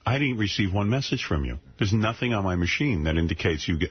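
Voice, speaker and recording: A man hosting a radio talk show, telling an annoyed, profane story and acting out his own yelling, near the end of a cold. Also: low voice, quick pace, slightly rough. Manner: animated ranting, profane, mimics himself yelling. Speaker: radio host. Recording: dull broadcast audio with faint noise.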